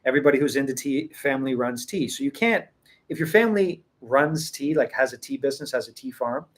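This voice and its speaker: A man talks loosely to his viewers as host of his own tea channel, drifting through his thoughts. He restarts sentences often and chuckles now and then. His voice sits at an ordinary middle pitch. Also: a little fast. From Western. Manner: rambling, many restarts, chuckles. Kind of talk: casual talk to camera.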